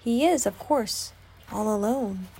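Storybook bear, male, simple and kind, soft and slow-spoken; a woman voices him. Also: mid-range voice, gravelly, breathy edge, heavily acted. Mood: worried. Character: gentle, simple-minded male teddy bear. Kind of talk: storybook read-aloud.

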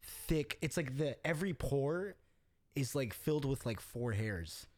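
A young man from the Middle East in casual chat, telling animated stories with plenty of swearing. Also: medium pitch, unhurried, dry recording.

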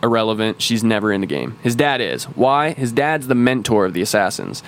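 A man's voice: lowish voice, animated, brisk. A man co-hosting a podcast, casually explaining a game's story at length with lots of swearing and restarts. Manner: rambling, profane lore explainer. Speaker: podcast co-host. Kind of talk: casual chat.

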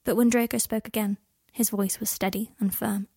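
A woman's voice: mid-range voice, steady tone, moderate pace, mellow, slightly rough, dry recording, clean studio sound. A woman narrating a story aloud, reading every character's texts and dialogue herself. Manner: reads both characters' dialogue and texts in one voice. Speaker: fan fiction audiobook reader. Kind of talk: scripted narration.

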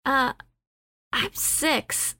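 A woman's voice: sits high, very slow, pushed and bright. A woman playing a cheeky character in a tabletop game, in a playful, teasing way. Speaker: player. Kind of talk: tabletop role-play.

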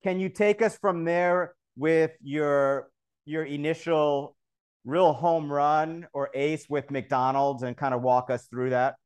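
A male host asks his questions very slowly and carefully. His voice is smooth and clear, with a somewhat high pitch. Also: fairly even intonation. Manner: slow, measured questioning. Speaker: podcast host. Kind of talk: interview questions.

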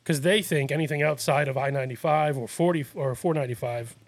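Gravelly-voiced man telling stories. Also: fairly high pitch, fast, dry recording. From Massachusetts. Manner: rambling storyteller, laughs often. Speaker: podcast host. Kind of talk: casual chat.

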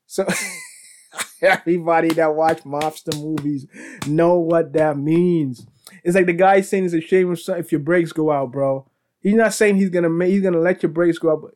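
Man, podcast host, rambling casual storyteller, slightly high voice. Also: moderate pace, a little mellow. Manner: rambling with restarts, laughs, says bro.

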